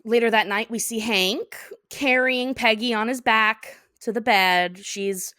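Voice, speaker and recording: A woman's voice: a little high, measured pace, bright, forceful tone, no echo, clean studio sound. A woman co-hosting a podcast, recapping an episode in casual chat and acting out the characters' lines with lots of laughing. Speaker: podcast co-host.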